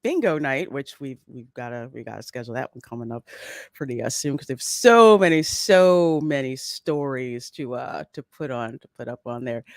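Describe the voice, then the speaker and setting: A woman's voice: deep voice, no room sound, clean studio sound. A woman from Philadelphia hosting a livestream podcast, bubbly and laughing often as she greets the chat. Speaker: podcast host.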